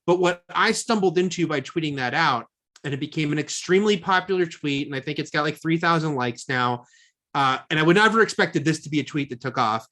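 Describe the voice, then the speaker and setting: A man's voice: fairly high pitch, brisk, a bit bright. A man co-hosting a film podcast, chatting casually and rambling with lots of fillers. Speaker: podcast co-host. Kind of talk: casual chat.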